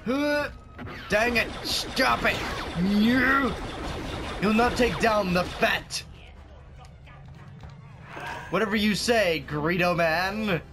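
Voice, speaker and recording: A young man narrates his gameplay in a playful, goofy way, talking trash at enemies in a slightly high voice. A clear hiss of noise sits behind his voice. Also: extremely slow, long pauses. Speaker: gaming youtuber. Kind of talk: joking gameplay commentary.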